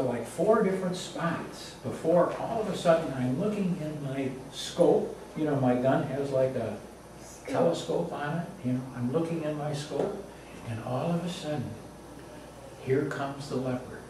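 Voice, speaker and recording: Here the man's voice is fairly high and his pace moderate as he relates a personal story in a casual, plain way. Repetition lets the suspense build. A distant mic picks him up in a very echoey room with faint background noise.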